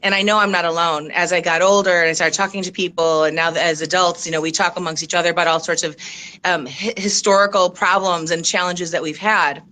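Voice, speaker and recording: A woman's voice: lowish voice, steady tone, brisk, pushed and bright. A middle-aged woman coach on a video call, slightly out of breath, speaking earnestly and reflectively with many fillers. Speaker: coach and consultant. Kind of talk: audition interview on a video call.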